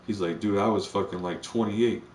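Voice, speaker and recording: Rambling profane man, low voice. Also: steady tone, normal speed, darkish tone, a little hiss or hum. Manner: rambling and profane, heavy slang. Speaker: live streamer. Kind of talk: casual chat. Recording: roomy, distant mic with faint ambience.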